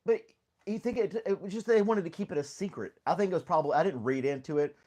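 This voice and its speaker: A man's voice: high voice, quick pace, dark tone. Rambling, easygoing man hosting a live chat. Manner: rambling, easygoing, laughs often. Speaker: live stream host. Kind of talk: casual chat with live chat viewers.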